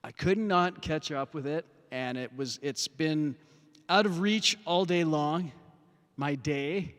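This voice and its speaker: A man's voice: fairly high pitch, takes it slowly, a bit bright, big-room sound. A man hosting a music livestream from an outdoor parking lot on a phone, chatting casually with lots of swearing and fillers, a bit winded after playing. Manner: rambling, profane, many fillers.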